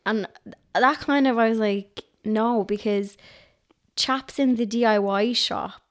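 Dublin woman, higher voice, giggly and chatty, laughs at herself. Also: slow pace. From Ireland. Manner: giggly, chatty, self-mocking storyteller. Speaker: guest, craft blogger. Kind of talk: casual podcast chat.

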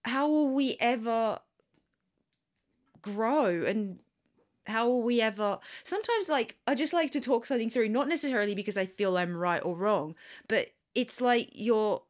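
A woman's voice: medium pitch, a little slow. A woman co-hosting a podcast in casual chat, thoughtful and a little hesitant, often restarting her sentences. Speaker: podcast co-host.

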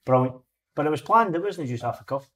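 A man's voice: a little high, expressive, fast, a bit bright. A Scottish man, a football player, giving short, laid-back answers in a podcast chat. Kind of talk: casual chat.

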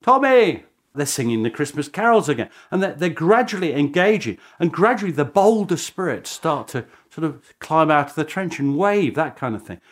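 A British man speaks as a historian in a documentary interview. His pitch swings widely as he tells the story with animated energy, dropping in chuckling asides. His voice sits a little high for a man. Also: a little fast, few pauses.

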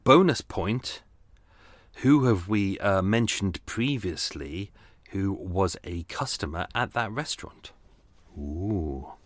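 A man hosting a podcast, chatting in a loose, rambling way and often laughing at himself as he restarts his sentences. His voice sits on the low side, and the room is very dry, with no echo. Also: a bit bright. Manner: chatty, rambling, self-deprecating, with frequent restarts. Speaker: podcast host. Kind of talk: casual chat. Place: at home on a boat.

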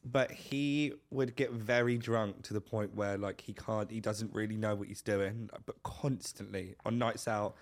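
A young man on a podcast, earnestly recounting a bad flatmate story. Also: on the low side, unhurried, hardly any pauses. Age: young adult. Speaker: podcast co-host. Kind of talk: casual chat, storytelling.

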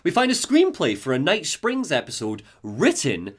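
A man's voice: fairly high pitch, huge pitch swings, moderate pace. A man hosting a casual podcast, recapping game lore enthusiastically and laughing easily. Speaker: podcast host.

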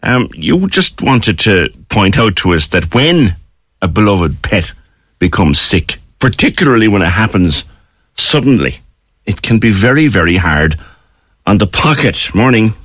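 A man with a low, deep voice hosts a phone-in from a dry, close studio. He speaks in calm, measured prompts and short murmured replies. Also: husky, dry recording. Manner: calm, brief backchannel, slow measured prompts. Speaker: radio host. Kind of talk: radio phone-in chat. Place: radio studio.

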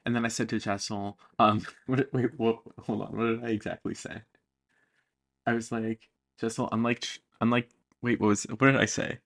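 Gravelly young man telling stories. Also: medium pitch, moderate pace. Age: young adult. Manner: animated storytelling with quoted voices. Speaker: podcast co-host. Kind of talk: casual chat.

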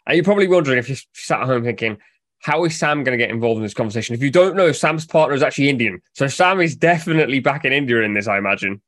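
A man hosting a casual football podcast, steady and presenting, moving the chat along. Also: mid-range voice, very fast, dry recording, studio quality. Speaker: podcast host.

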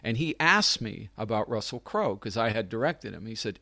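A man's voice: on the low side, a little fast, few pauses, no room sound. A middle-aged man, a film writer and director, telling stories in a casual interview with lots of laughter and acted-out voices. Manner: animated, acts out quoted people, laughs often. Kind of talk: casual anecdotal storytelling.

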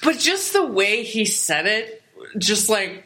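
A woman in casual chat, retelling a sermon with sarcastic, animated asides and laughter. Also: mid-range voice, measured pace.

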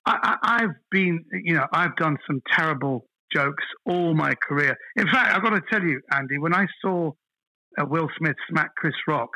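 Guy guesting on a podcast, husky bright voice, kinda high, keeps repeating words as he gets going. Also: normal speed, dry recording, low-quality recording. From London, England. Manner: animated storyteller, repeats words when starting a thought. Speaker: guest comedian. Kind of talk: casual podcast interview.

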